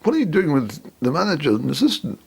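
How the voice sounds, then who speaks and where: A man voicing an exasperated police officer who scolds a shopper, raised in pitch. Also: big pitch swings, fast, vocal fry, slightly rough, exaggerated voice. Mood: scolding. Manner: scolding, incredulous.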